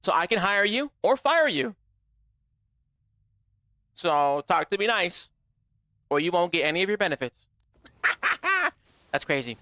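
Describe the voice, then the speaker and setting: A man with a high, bright, forceful voice running a live gaming stream. He talks straight to his chat in a brash, profane, joking way. The sound is dry and close, with no room around it. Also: big pitch swings, unhurried, pauses often, no echo. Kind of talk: casual livestream chatter.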